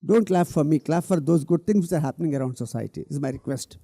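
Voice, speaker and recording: A man's voice: a little high, fast, mellow, slightly rough, dry recording. Man, middle-aged, earnest public speaker, emphatic, dry close sound. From India. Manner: earnest, emphatic, repeats key words, addresses the audience directly. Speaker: speaker at a public talk event. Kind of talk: public talk on stage.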